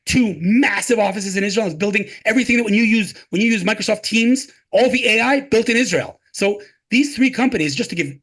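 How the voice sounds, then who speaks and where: A man's voice: sits high, fairly quick, few pauses, fairly bright tone, husky. A man talking passionately as an interview guest, emphatic and full of rhetorical questions and repeated phrases. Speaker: guest, tech advocate.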